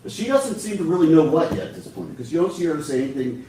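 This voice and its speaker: A man delivers a prosecutor's closing argument, his pitch swinging widely as he presses each point on the jury. He sounds set back from the microphone in a large, very reverberant courtroom, with a faint hum of room noise underneath. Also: very animated, fast talker, mellow. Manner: emphatic, persuasive, addresses the jury directly. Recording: echoey courtroom from far off.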